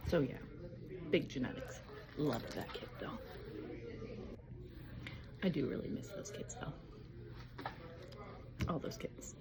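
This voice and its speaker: A woman's voice: fairly low pitch, normal speed, creaky, pauses often. A woman in her thirties in a scattered, self-interrupting casual vlog, talking into her phone. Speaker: vlogger. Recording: dull lo-fi phone audio with road noise.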